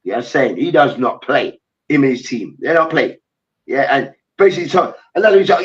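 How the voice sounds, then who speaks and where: A man's voice: on the high side, expressive, fast talker, recorded from a distance, dull audio. A man co-hosting a heated sports debate, ranting animatedly with lots of slang and swearing. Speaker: co-host.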